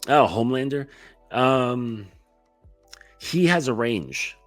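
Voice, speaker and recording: A man's voice: mid-range voice, lively intonation, slow, fairly bright tone, no echo, faint music behind. A man giving a casual coaching talk as a dating coach, chatty and loose, swearing now and then and often checking in with "right?".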